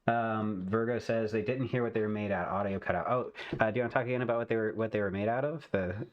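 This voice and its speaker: Guy hosting a chill livestream, lowish voice, keeps laughing and rambling. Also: fast, dull audio. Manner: laughing often, loose and rambling. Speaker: host. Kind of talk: casual livestream chat.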